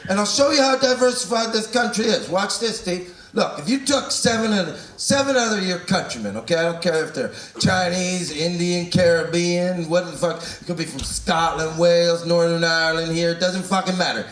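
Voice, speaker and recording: A man's voice: high-pitched, normal speed. A Canadian man doing a profane, ranting stand-up routine and teasing an audience member. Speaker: stand-up comedian. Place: large theatre stage. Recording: echoey theatre, distant, loud crowd laughter.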